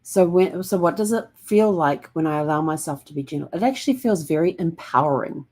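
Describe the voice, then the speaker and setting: A woman with a notably low voice hosts a reflective vlog. She talks gently and calmly, wandering through her thoughts with plenty of ums. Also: a little fast. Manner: gentle and calm, rambling with many fillers. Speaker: host.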